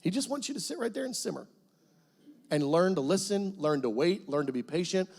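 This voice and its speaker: A middle-aged guest pastor telling a personal testimony in a church, animated storytelling that breaks into loud cries as he acts out prayers. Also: sits high, fairly quick, vocal fry. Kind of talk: sermon testimony. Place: church sanctuary.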